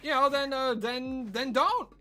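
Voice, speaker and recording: A man streaming a game, telling stories to his chat in a casual, animated way that breaks into laughter. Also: extremely high pitch, a little slow, faint music behind. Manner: animated storytelling, bursts of laughter.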